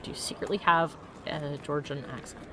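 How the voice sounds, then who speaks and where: A woman streaming a video game, chatting casually, reacting loudly and laughing often. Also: sits low, fairly even intonation, moderate pace, slight background noise. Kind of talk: casual let's-play chat.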